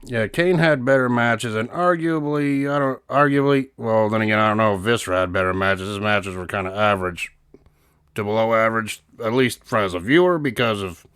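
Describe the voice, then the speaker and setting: A man's voice: lowish voice, a little fast, fairly bright tone, clean tone, no room sound, clean studio sound. A man co-hosting a casual review chat, joking and laughing often. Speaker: co-host reviewing wrestling.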